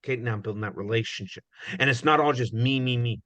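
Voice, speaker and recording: A guest speaker on recruiting, a man with a mid-range, fairly bright voice, talks fast in a conversational, meandering way. He uses plenty of "you know" and stages little back-and-forth dialogues. Sound is dull and muffled, with no echo.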